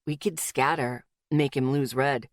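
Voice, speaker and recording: A woman voicing a hot-tempered young man who talks blunt and rough, lowering her voice for him. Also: fairly even intonation, a little slow, no echo, studio quality. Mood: plain.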